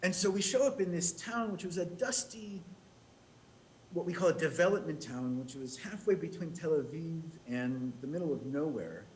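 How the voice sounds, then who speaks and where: An American man from the United States telling a humorous story as a rabbi leading services, with quick restarts. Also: on the high side, animated, slight background noise, low-quality recording. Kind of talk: storytelling sermon.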